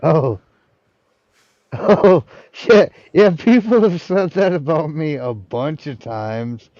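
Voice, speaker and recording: A man's voice: on the high side, measured pace, mellow, dry recording, muffled recording. A man hosting a casual livestream chat, rambling and sardonic, with frequent swearing.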